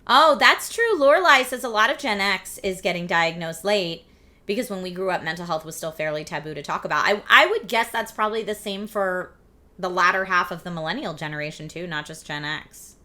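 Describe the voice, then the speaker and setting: A woman in her forties with a slightly husky, scratchy voice and a lingering cough, hosting a casual live stream and reading viewer chat aloud. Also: fairly low pitch, fairly quick, pushed and bright. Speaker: streamer host.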